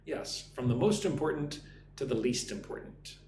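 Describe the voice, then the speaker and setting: A man teaching English on a live stream, reading out viewer comments and drilling pronunciation slowly. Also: mid-range voice, expressive, a little mellow, reverberant, faint music behind.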